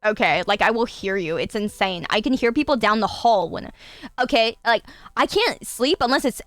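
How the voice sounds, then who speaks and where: Young woman, streamer, animated casual chat, swears a lot, faint music behind. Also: a little high, normal speed, dry recording. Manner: animated, laughing, swearing freely.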